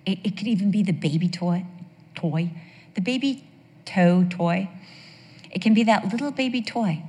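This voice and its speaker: A woman preaching a sermon, emphatic, slowing down on key phrases and breaking into playful asides. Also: mid-range voice, a little mellow, in a large hall.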